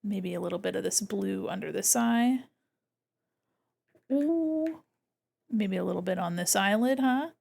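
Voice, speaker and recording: In a medium-pitched, expressive, darkish voice with vocal fry, a woman speaks a little slowly, leaving long pauses, while streaming her digital painting. She chats casually with viewers and thinks out loud, bubbly and rambling, with frequent giggling.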